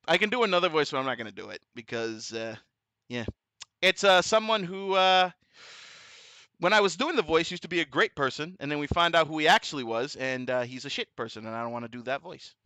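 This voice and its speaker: A man hosting a casual stream chat, goofy and profane, his voice hoarse. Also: on the high side, bright, forceful tone, no echo. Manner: goofy, profane, laughs often. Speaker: vtuber host.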